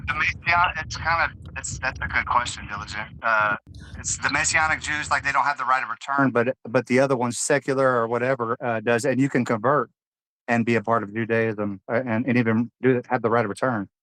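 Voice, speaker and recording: A man's voice: medium pitch, fairly even intonation, fairly quick, sharp tone, dry recording, rough recording. A man in a live audio discussion, rambling and unsure as he explains. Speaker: participant. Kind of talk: casual chat.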